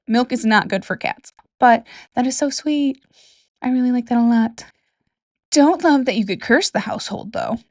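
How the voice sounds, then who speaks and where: On a studio-quality recording with no room sound, a young woman from Michigan speaks at a moderate pace in a voice on the high side. Her Michigan accent comes through as she hosts a relaxed solo folklore podcast from her bedroom, chatty and jokey, with whispered asides.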